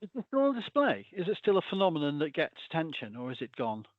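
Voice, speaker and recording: A man's voice: fairly high pitch, huge pitch swings, fast, dry recording. A man as a guest in a casual chat, rambling, restarting his sentences and chuckling through asides. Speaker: guest folklorist. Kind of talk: casual conversation. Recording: dull, dry sound.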